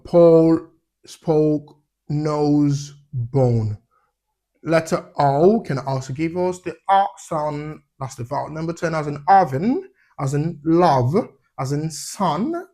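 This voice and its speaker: A man teaching English letter sounds, saying each example word slowly and clearly and checking in with "yeah?". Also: on the high side. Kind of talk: phonics lesson.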